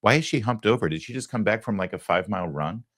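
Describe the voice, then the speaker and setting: A man's voice: fairly low pitch, expressive, fast, a bit bright. A middle-aged man hosting a political commentary show, talking sarcastically with mocking asides. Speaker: host.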